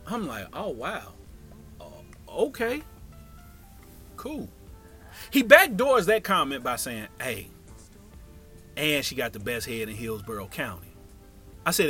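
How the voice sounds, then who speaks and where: A man spins a comic story in a high, bright voice that swoops all over the place. He jumps in and out of quick voices for the people he meets. Light music sits faintly underneath. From Tampa, Florida area. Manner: animated, acts out voices of others.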